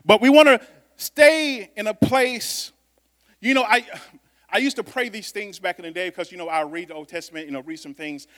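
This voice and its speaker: A man preaching a sermon to a congregation, talking conversationally, with loud bursts of emphasis and quiet asides. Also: sits high. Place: church sanctuary. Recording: long reverb of a church hall.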